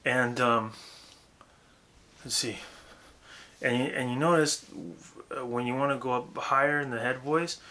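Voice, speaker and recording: A young man giving a casual, profane, rambling lesson on vocal technique, breaking into loud demonstrations. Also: medium pitch, fairly even intonation, unhurried, long pauses. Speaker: vocal coach.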